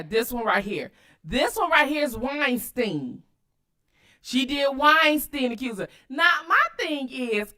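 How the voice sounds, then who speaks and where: Woman going off on clips for her channel, real swingy high voice, cussing a lot. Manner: animated, cussing, addresses viewers directly. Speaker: commentary channel host. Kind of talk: casual commentary while watching clips.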